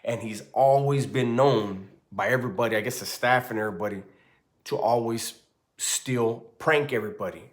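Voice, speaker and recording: A man in his forties spins a casual, profane story, animated and loose, often tossing in "right?" to keep the listener with him. His voice sits at an ordinary middle pitch for a man. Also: moderate pace.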